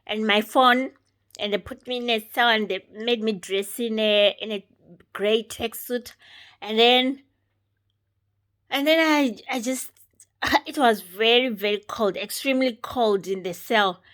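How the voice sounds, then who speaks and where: A woman with a somewhat high voice shares her personal testimony. She speaks unscripted and halting, going through events one step at a time. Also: fairly bright tone.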